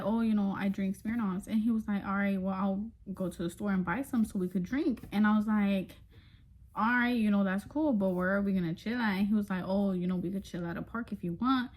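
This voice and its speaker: A young woman vlogger tells her viewers a story in a loose, chatty monologue, calling them y'all. Her darkish voice sits at a middle pitch for a woman, and she swears freely and laughs between lines.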